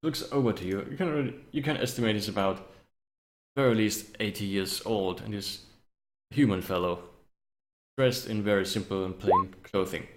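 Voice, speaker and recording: A man's voice: on the low side, moderate pace, reverberant. A man running a tabletop game as game master, setting scenes in a casual, rambling way.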